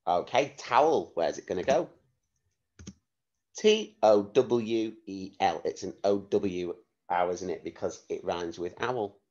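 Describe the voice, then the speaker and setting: A man teaching a phonics lesson to young children, spelling words out letter by letter in a clear, slow dictation manner. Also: low-pitched, animated, darkish tone, dull audio. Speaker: primary school teacher.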